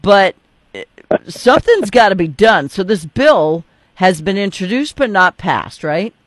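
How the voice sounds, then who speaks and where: Talk show host, man, fairly high voice, casual and joking, very dry sound. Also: big pitch swings, unhurried, no room sound. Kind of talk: political talk show interview.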